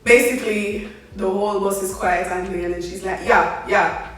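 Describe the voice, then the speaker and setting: A young woman tells a story casually, full of slang, animated and laughing along. Her voice sits in a middle range. It sounds like it was recorded a bit away from the mic, in a very echoey room. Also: medium pitch, fairly quick, distant mic, faint music behind. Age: young adult. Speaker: vlogger.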